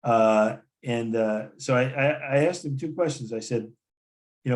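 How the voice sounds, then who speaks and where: A man's voice: mid-range voice, unhurried. A man telling a story as a guest in a casual conversation, rambling with many restarts and quoted dialogue. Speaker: coffee company founder as guest.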